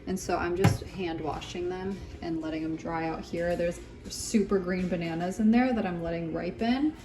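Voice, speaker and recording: A mother in her thirties vlogs from a vacation rental kitchen, chatting loosely and rambling a bit with fillers as she shows off her groceries. Her warm voice is on the low side, fairly even in intonation and moderately paced. The kitchen is echoey, with background noise and faint music.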